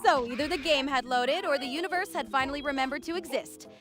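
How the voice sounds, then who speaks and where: A woman's voice: high-pitched, fast, over music. A woman's voice, an AI co-host, reading chat messages in a peppy, slightly scripted stream chatter style.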